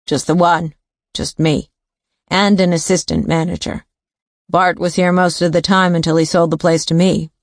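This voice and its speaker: A woman's voice: on the low side, steady tone, moderate pace, no room sound, studio quality, lightly acted. A woman narrator voicing a wiry, evasive male bar owner in his forties who answers tersely.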